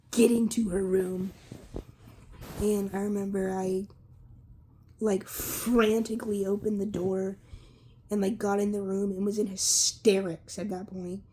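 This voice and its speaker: A young woman candidly recounting a personal story in a halting, casual way, swearing freely. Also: mid-range voice, mellow, slight background noise. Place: Lancaster area.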